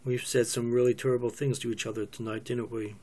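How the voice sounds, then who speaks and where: A man's voice: mid-range voice, flat delivery, fast talker, darkish tone, lightly acted. A man voicing a weary, wry man on the verge of leaving, dry and sardonic in his speech.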